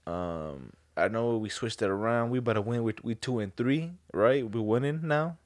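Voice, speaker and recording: A man's voice: medium pitch, no echo, studio quality. A man co-hosting a podcast, telling stories in casual slangy talk with many restarts. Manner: fast, slangy storytelling with lots of restarts. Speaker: podcast co-host. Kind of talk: casual chat.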